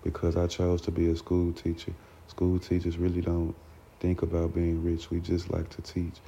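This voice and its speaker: A calm, encouraging schoolteacher father, read aloud by a man in a very deep, flat and gravelly voice. The tone is dark and mellow. A dull, lo-fi recording carries a faint hiss behind him. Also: normal speed. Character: gentle middle-aged schoolteacher father.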